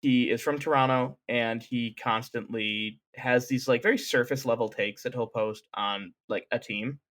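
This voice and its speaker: This podcast co-host chats casually, rambling and often restarting his sentences. He speaks at a moderate pace in a steady, fairly bright voice of medium pitch.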